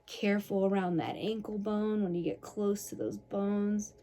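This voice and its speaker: A woman's voice: medium pitch, unhurried. Chatty woman demonstrating self-massage. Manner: relaxed, chatty, frequent sighs and breathy groans of relief. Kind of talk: casual self-massage tutorial.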